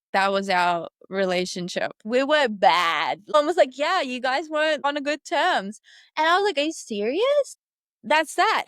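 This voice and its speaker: A woman from Russia, a podcast guest telling a personal story in a candid, emphatic way with animated quoted asides. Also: mid-range voice, dry recording, studio quality.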